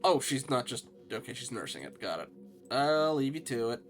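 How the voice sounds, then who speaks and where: A man's voice: medium pitch, sing-song, moderate pace. A man giving casual, chatty commentary while streaming a game, with self-deprecating asides.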